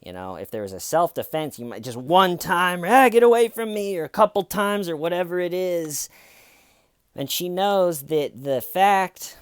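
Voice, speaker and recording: A man's voice: on the high side, lively intonation, unhurried, smooth, dry recording, studio quality. A man telling a true crime story as comedy, with sarcastic, loose asides.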